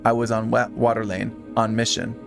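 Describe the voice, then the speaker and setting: A man's voice: medium pitch, little pitch movement, normal speed, vocal fry, over music, lightly acted. A man doing a clipped, blunt kobold. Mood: terse. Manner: clipped broken phrases. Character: gruff broken-speaking male kobold.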